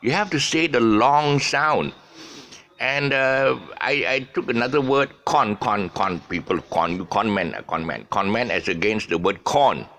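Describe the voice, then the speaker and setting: A man's voice: medium pitch, expressive, measured pace, a bit bright. A man with a Malaysian English accent giving a casual, rambling pronunciation lesson, full of fillers, restarts and jokey asides.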